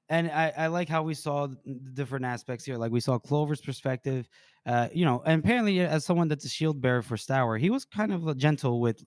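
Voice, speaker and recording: A man's voice: mid-range voice, a little mellow, no room sound. A man with an ordinary mid-range voice talks loosely through a book chapter with friends, chuckling and cursing as he goes. His voice sits dry and close on the mic. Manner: laughs often, swears, retells scenes. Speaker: podcast co-host. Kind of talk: casual book discussion.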